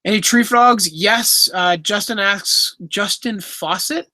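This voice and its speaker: Reading chat aloud during a casual Q&A stream, a twenty-something man from Canada talks in a chatty, easily amused manner and is quick to say sorry. His high-pitched voice comes across bright and forward in a close, dry recording without any echo.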